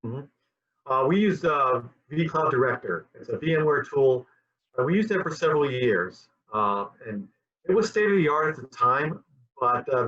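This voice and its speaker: In a dull lo-fi recording, a man appears as a guest in a conversational interview. He's a QA director whose mid-range voice is a bit bright and husky, and he rambles, often repeating his words.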